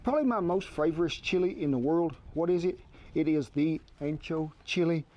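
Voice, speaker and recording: A man's voice: on the high side, normal speed, darkish tone, muffled recording. A man giving a cooking demonstration outdoors at a grill in a folksy, homespun way. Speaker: outdoor cook.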